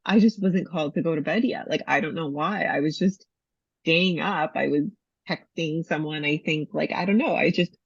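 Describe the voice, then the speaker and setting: A woman's voice: sits low, normal speed, vocal fry, slightly rough, no room sound. A woman retreat host chatting casually and reflectively with a guest. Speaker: retreat host and iboga provider. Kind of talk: casual conversation. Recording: dull lo-fi recording.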